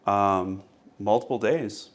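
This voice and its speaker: Wry guy on the couch vlog, kinda low voice, lots of likes and ums. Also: slow pace. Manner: rambling, wry. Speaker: vlogger's husband. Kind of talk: casual chat.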